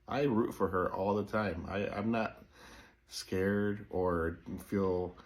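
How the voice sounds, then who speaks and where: A man's voice: low-pitched, darkish tone. A man talking casually to his viewers in an earnest, plain-spoken way and reassuring his partner. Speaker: co-host of a religious channel.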